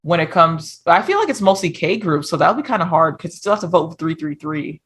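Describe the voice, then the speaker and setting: A woman's voice: on the low side, very animated, brisk, breathy edge. A woman co-hosting a casual reaction podcast, talking it through thoughtfully and often checking in with "you know what I mean". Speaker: podcast co-host.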